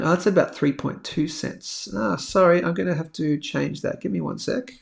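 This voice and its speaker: A man's voice: a little high, gravelly. A man hosting a live crypto show, talking bluntly and chattily while working through a price chart. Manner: blunt, chatty, slangy, thinking aloud while drawing on a chart. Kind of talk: live-stream market chart commentary.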